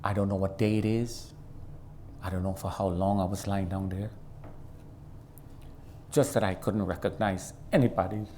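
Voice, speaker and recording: A man speaks as a guest preacher in a church sanctuary, telling his personal testimony with drama and voicing the people in it, ranging from loud and high to low and quiet. His tone is steady at normal speed, with long pauses and slight background noise.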